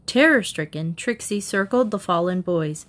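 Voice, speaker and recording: A woman reading a children's mystery aloud in an even, measured storytelling voice. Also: fairly low pitch. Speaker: audiobook reader. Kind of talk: scripted narration.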